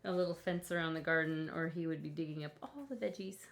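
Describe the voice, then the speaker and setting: A woman's voice: deep voice, fast talker, creaky. A woman co-hosting a painting show, chatting playfully and laughing easily. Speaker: co-host. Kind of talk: casual chat.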